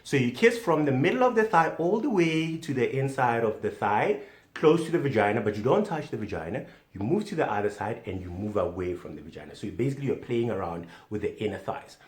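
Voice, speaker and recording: A man at a middle pitch performs a mock how-to lecture as a comic self-styled doctor. His delivery is wildly animated, leaping between booming emphasis and hushed near-whispers. The sound carries a noticeable echo from the room. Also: brisk. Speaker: comedic self-styled sex-advice doctor. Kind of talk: mock instructional monologue. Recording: echoey room.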